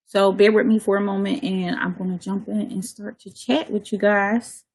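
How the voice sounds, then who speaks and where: A woman's voice: medium pitch, level tone, normal speed, a little mellow, slightly rough. A woman hosting her own live radio talk show, chatting loosely and casually with her listeners.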